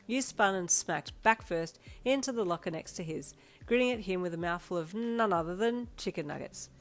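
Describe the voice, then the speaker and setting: A woman narrating fan fiction aloud in an even storytelling manner. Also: lowish voice, normal speed. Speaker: reader.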